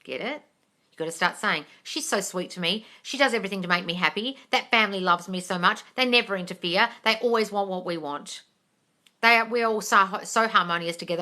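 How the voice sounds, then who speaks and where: A woman hosting a live question-and-answer stream, talking bluntly and with swearing, calling viewers darling and swinging between soft coaxing and excited squeals. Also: mid-range voice, quick pace. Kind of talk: casual live chat.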